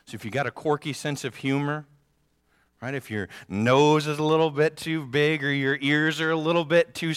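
A middle-aged man delivers a sermon from a church stage, his slightly raised voice swelling loud and dropping to near hush as he tells a story. The sound carries the long reverb of a big hall. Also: fairly high pitch, clear, resonant tone. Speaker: pastor. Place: church sanctuary.

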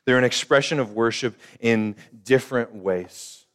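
A man's voice: mid-range voice, a little slow, fairly bright tone, smooth. An older man preaching a sermon as pastor, conversational, repeating phrases and acting out the voices of the people in his story.

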